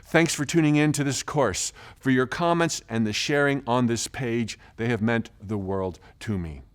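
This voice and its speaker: A man telling stories in a self-help course, animated and enthusiastic. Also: medium pitch, moderate pace. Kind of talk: storytelling course talk.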